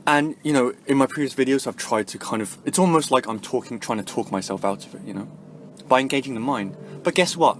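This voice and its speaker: Man, vlog rant, mid-pitched voice, profane, rambling fillers, quiet then suddenly loud. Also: fairly quick, a little hiss or hum. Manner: rambling, profane, with constant "you know" and "right?" fillers; swings between quiet musing and loud angry outbursts. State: angry and frustrated. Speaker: vlogger.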